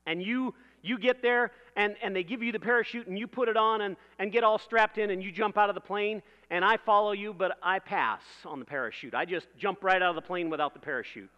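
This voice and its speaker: A man's voice: sits high, a little fast, few pauses, big-room sound, dull audio. A man preaching a sermon in a conversational way, building vivid everyday illustrations and laughing at his own jokes.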